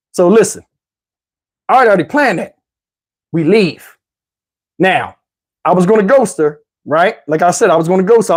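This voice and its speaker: A middle-aged man vlogger telling a story to camera in a casual, animated way, with slang, swearing and laughter. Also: high voice.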